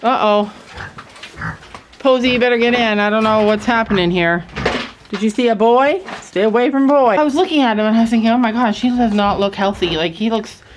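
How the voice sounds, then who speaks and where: Woman, 30s, farm vlogger: chatty, giggly, higher voice, outdoor handheld camera with faint background noise. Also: brisk. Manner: chatty and giggly, talking to viewers while doing chores. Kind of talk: casual vlog chat. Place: outdoors in a snowy farm pen.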